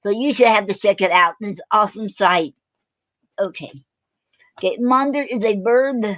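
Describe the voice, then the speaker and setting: A woman hosting a casual online poetry show, talking haltingly with many fillers and self-corrections. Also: medium pitch, fairly bright tone, no echo, rough recording. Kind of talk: casual live-stream chat.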